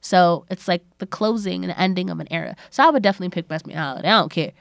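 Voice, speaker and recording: A young woman co-hosting a podcast in casual chat, animated, laughing often and swearing freely. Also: on the low side, racing, creaky, dry recording, clean studio sound. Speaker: podcast co-host.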